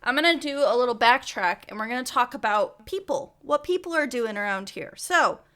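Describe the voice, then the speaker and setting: A woman's voice: on the high side, animated, fairly quick, fairly bright tone. A young woman co-hosting a casual research podcast, chatty with laughing asides and many fillers. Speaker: podcast co-host.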